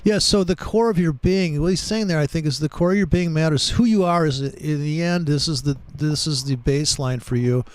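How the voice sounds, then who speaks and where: Guy rambling about trading, kinda high voice, swears a lot, loose chatty stories. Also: brisk, hardly any pauses, poor audio. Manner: rambling, profane, storytelling. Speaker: trading show host. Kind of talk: casual trading chat.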